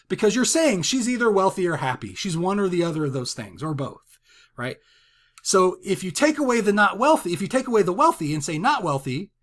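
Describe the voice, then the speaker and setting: A math instructor with a fairly high, slightly bright voice teaches a recorded college lecture using a writing tablet. He keeps it conversational, drawing on everyday examples and often checking in with "right?".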